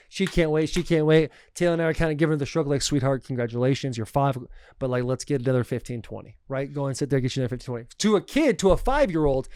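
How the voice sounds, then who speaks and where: A podcast host with a fairly high, clear, resonant voice tells a family travel story in loose, animated casual chat, frequently calling people "dude". The sound is clean studio audio with no room sound.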